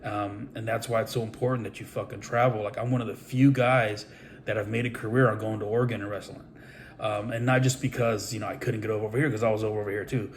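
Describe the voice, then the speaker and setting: A middle-aged man with a fairly low voice tells a long story about his wrestling career in a loose, rambling way, stopping often with fillers and swearing freely. He talks casually, like a trainer addressing his followers, and a faint hum of ambience runs behind him. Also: steady tone, fast talker. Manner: rambling, profane, with many fillers.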